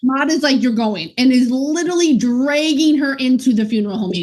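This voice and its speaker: A woman's voice: high voice, fairly quick, a little mellow. A woman co-hosting a podcast, chatting casually and laughing often as she recaps an old sitcom episode. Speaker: podcast co-host.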